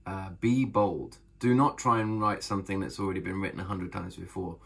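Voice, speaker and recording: Gravelly low-voiced man talking writing. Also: steady tone, brisk, a bit bright. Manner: enthusiastic, emphatic, repeats phrases. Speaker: author and vlogger. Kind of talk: casual talk to camera about writing.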